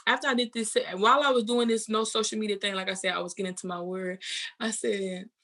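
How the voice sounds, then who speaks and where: A woman's voice: fairly high pitch, fast, a bit bright. A young woman, candidly telling her personal testimony in an interview, rambling with many fillers and quoted thoughts. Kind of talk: personal testimony, casual storytelling.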